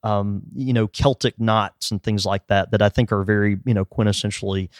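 A man's voice: fairly low pitch, flat delivery, fairly quick, dry recording, studio quality. A man co-hosting a podcast, explaining at length in casual chat, with lots of fillers and hedges. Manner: rambling, hedging with fillers. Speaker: podcast co-host.

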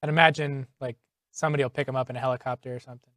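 A man's voice: medium pitch, steady tone, rapid-fire, a bit bright, no echo. A man co-hosting a sports talk show in a studio, explaining betting odds plainly with some fillers. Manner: brief, matter-of-fact, explains numbers with fillers. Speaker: co-host who reads out betting odds. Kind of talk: casual studio chat.

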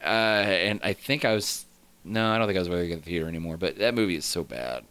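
Male co-host, very low and bright, animated, chatty storyteller. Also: fast talker, smooth. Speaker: podcast co-host. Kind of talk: casual chat.

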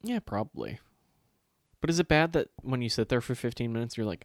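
Animated, foul-mouthed man telling stories. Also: mid-range voice, brisk, no room sound, clean studio sound. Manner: animated storytelling, swears freely, acts out quotes. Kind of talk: casual chat.

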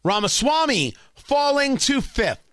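A man's voice: very high voice, big pitch swings, a little slow, a bit bright, dry recording. A man hosting political talk radio, giving emphatic, opinionated commentary and repeating phrases for effect.

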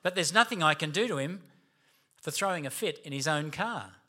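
A man voicing a calm, matter-of-fact male police officer in a story. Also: on the high side, a little fast.

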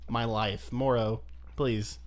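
A man's voice: mid-range voice, steady tone, takes it slowly. Dry sarcastic male podcast co-host. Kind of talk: casual chat.

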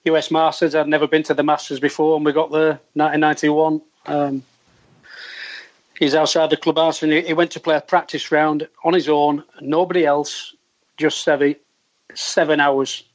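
A man, a former caddie, telling an earthy, animated anecdote and acting out the voices he quotes. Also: on the high side, moderate pace. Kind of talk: storytelling anecdote. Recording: dull lo-fi sound.

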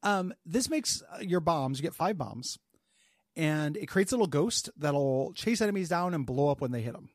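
A man's voice: fairly high pitch, animated, normal speed, no echo, clean studio sound. A man co-hosting a podcast in casual comedic banter, rambling loosely with crude jokes. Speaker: podcast co-host.

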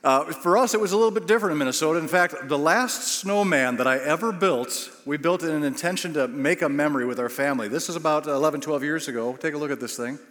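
A man's voice: on the high side, fast, few pauses, a bit bright. A middle-aged man preaching a sermon, telling self-deprecating stories and acting out the quotes. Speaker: pastor. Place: large church auditorium. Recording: long hall reverb.

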